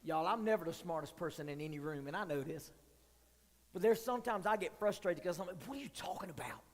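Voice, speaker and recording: A man's voice: fairly high pitch, fairly quick. A man preaching as a youth pastor, joking and candid with the young crowd. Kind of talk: sermon. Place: church hall. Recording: long hall reverb.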